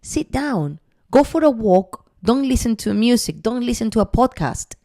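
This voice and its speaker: A woman guest on a podcast interview, talking in an earnest, encouraging way, often pausing with "um" as she thinks. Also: fairly high pitch, animated, dark tone. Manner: earnest and encouraging, with frequent "um" pauses.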